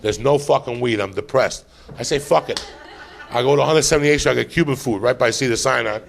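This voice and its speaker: A man hosting a live podcast, telling a profane comic story in an excitable way, acting out every line. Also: medium pitch, fast, gravelly, a little hiss or hum. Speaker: podcast host.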